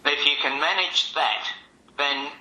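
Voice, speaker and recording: Brief: older male martial arts teacher on a tinny phone line with room echo, calm and explanatory. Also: fairly high pitch, unhurried. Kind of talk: casual chat.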